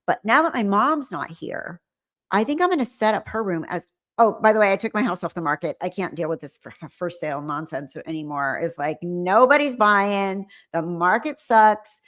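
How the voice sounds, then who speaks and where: A woman's voice: medium pitch, lively intonation, normal speed, fairly bright tone. A middle-aged woman from California, chatting casually and rambling as host of a live stream, with frequent laughs. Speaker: livestream host.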